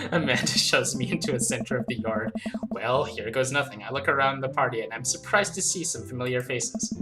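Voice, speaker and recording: A man playing a dating game aloud, giggling often and reading the lines in silly voices. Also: mid-range voice. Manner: giggly, animated, does silly character voices. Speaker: game streamer.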